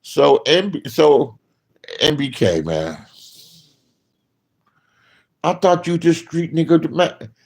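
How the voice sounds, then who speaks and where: Profane, animated man ranting. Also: takes it slowly, gravelly, pauses often, breathy edge. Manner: profane, animated, swings loud and high when mocking. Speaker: online commentator. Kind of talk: casual commentary rant.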